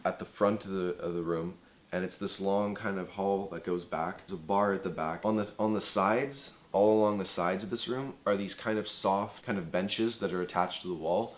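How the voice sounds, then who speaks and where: Laid-back young man telling a story. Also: low-pitched. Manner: casual, profane, sarcastic. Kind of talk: casual storytime vlog.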